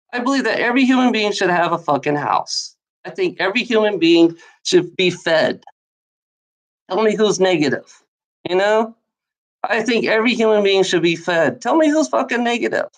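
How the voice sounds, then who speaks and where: A woman in a heated, repetitive monologue, swearing often and speaking straight at someone as she rants. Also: medium pitch. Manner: profane, repetitive, heated, addresses someone directly. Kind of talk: angry ranting monologue.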